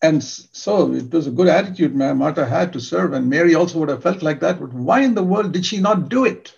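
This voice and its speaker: Earnest older man preaching, gravelly. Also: fairly high pitch, lively intonation, a little fast, darkish tone, dull audio. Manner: earnest, emphatic, repeats key words. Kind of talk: sermon.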